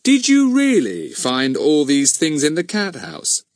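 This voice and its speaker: A composed middle-aged police inspector, voiced by a man reading a storybook aloud. He speaks in a measured, politely ironic way, lifted a little above the reader's natural pitch and set with quiet authority. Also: huge pitch swings, no room sound. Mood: dry.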